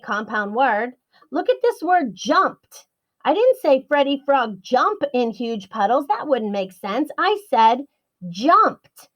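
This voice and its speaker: Woman, early-grades teacher; bright encouraging sing-song delivery, lo-fi dull recording. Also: on the high side, lively intonation. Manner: slow, sing-song and encouraging, stretching words out for young learners. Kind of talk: children's online writing lesson.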